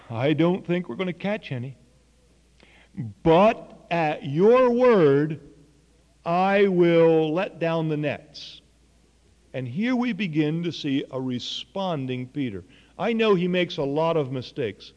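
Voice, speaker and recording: A man's voice: fairly high pitch, expressive, unhurried, a little mellow, dull audio. Earnest male preacher in a reverberant hall. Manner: earnest storytelling with quoted dialogue. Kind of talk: sermon.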